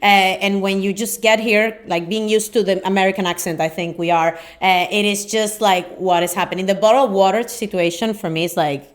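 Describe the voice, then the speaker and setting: A woman's voice: medium pitch, fairly even intonation, fairly quick, hardly any pauses. Chatty young woman host, Spanish native, easygoing filler-heavy banter. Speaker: podcast host. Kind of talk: casual chat.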